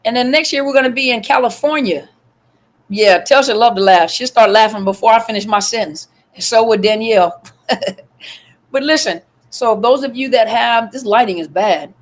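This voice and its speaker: A woman hosting a casual livestream from her phone, chatting with viewers, greeting them by name and filling pauses with lots of ums. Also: fairly high pitch. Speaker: livestream host.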